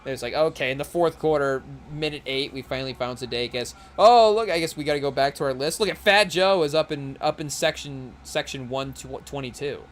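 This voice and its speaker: A young man hosting a podcast, chatting loosely about a basketball game as he watches, full of fillers and restarts. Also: on the high side. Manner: rambling, filler-heavy, tries quick celebrity impressions. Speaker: podcast host. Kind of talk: casual live game commentary.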